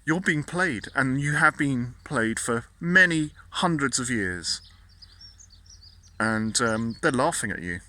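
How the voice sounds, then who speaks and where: Man, bright forceful voice, indignant rant, repeats words. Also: mid-range voice, lively intonation, takes it slowly. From Britain. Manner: indignant, stumbling repetitions. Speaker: vlogger. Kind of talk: casual political rant.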